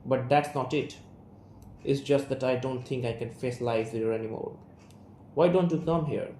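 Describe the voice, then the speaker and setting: A man's voice: mid-range voice, steady tone, moderate pace, dark tone, natural voice. Chandan, a man reading a guarded son. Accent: Indian English. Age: young adult. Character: young man, guarded, estranged son and writer. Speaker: student reader. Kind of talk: reading an audio play aloud. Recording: roomy room, faint hiss.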